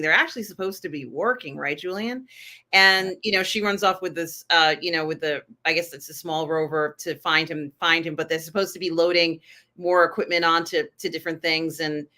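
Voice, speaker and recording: A woman's voice: fairly low pitch, sharp tone. A woman co-hosting a casual TV review chat, enthusiastic and chatty with lots of fillers. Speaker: podcast co-host.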